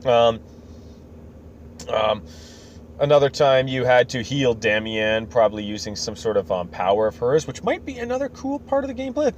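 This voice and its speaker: A man's voice: fairly high pitch, darkish tone. A man hosting a podcast, recapping a story casually with rambling, self-correcting asides, on a slightly dull recording with faint noise. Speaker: podcast host.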